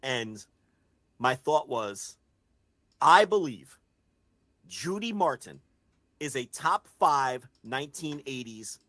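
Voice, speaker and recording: A man co-hosting a podcast in casual chat, talking excitedly, swearing freely and building an argument point by point. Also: mid-range voice, slow, long pauses, no room sound. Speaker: podcast co-host.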